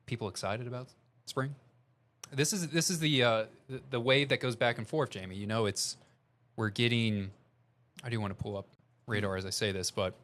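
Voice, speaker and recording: A man's voice: mid-range voice, a bit bright. A young male meteorologist with a Southern Missouri accent, giving earnest, urgent live storm coverage and reading viewer updates. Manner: earnest, urgent warnings, reads viewer chat aloud. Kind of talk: live severe weather coverage.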